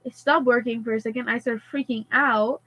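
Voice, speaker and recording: A teenage girl tells a story in casual chat, rambling and packing her sentences with "like" and "and stuff like that." Her voice sits on the high side with a steady tone, a little fast and a bit bright. The recording is rough but has no echo.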